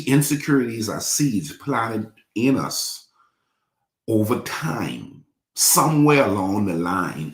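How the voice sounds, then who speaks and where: Low-voiced preacher in a roomy church. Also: male voice, fairly bright tone. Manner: repetitive, call-and-response preaching. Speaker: pastor. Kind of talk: sermon.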